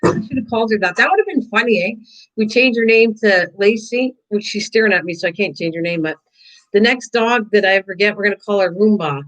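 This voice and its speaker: An older woman rambles through a live crafting stream, chatting easily to unseen viewers and to her dog. Her pitch sits right in the middle and her talk wanders from one thought to the next. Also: fast talker, a bit bright, rough recording. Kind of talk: casual live-stream chat while painting.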